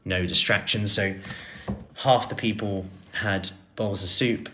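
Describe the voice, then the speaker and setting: A man in his thirties, a personal trainer chatting through viewer questions on a live stream, relaxed with plenty of fillers and restarts. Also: on the low side, takes it slowly, slight background noise.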